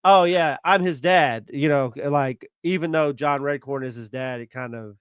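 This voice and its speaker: A man co-hosting a podcast, talking in a halting, casual way full of fillers. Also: fairly high pitch, clear, resonant tone, dry recording, studio quality. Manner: halting, many fillers and restarts. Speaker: podcast co-host. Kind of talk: casual chat.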